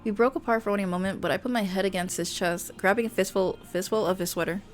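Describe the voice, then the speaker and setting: A woman streamer reading a romance game aloud, animated and playful, often breaking off to joke with her viewers. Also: medium pitch, fast talker, soft background music. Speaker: VTuber streamer.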